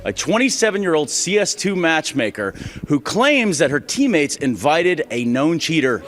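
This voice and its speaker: A man acting as a daytime talk-show host in a comedy sketch, calling out loudly to an audience. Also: a little high, very animated, normal speed, faint music behind. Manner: loud showman, calling to an audience.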